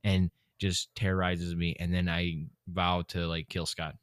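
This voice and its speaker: A man's voice: low voice, flat delivery, measured pace, a bit bright, clear, resonant tone, no echo, studio quality. A young man hosting a podcast, swearing and joking in loose, casual banter. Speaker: podcast host. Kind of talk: casual chat.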